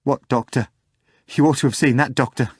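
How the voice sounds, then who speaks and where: A terrified middle-aged bartender begs for help, his voice climbing high and loud with panic, as a male narrator puts him on. The storybook delivery is close and dry. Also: fairly even intonation, moderate pace, slightly rough, no echo. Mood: frantic pleading. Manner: frantic, begging.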